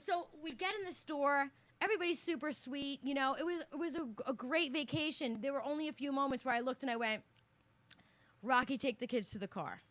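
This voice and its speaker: A woman from New York co-hosting a casual podcast, telling stories in an animated way and swearing freely. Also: high voice, fast talker, hardly any pauses, no room sound. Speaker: podcast co-host. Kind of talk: casual chat.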